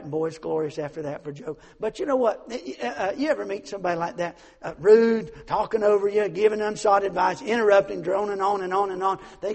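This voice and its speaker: A man preaching a sermon as pastor, swinging from hushed asides to shouts, often stammering and restarting. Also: high voice, creaky, slightly rough. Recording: long hall reverb.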